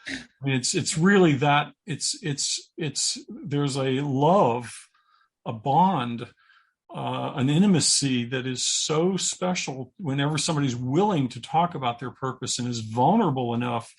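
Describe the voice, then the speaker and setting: A middle-aged man who works as a purpose coach and speaker appears as a guest in an interview conversation. His husky, mid-range voice comes across earnest and halting, and he repeats words as he thinks.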